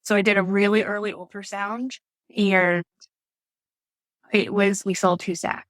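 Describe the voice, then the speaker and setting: A woman's voice: medium pitch, little pitch movement, measured pace, dry recording. A woman who works as a nurse, telling her story as a podcast guest in a chatty way with many fillers. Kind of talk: casual storytelling interview.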